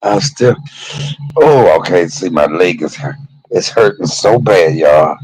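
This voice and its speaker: A man's voice: low voice, expressive, a little slow, darkish tone, slight background noise, low-quality recording. A man hosting a casual livestream from a hospital room, joking and loose with some profanity. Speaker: livestream host.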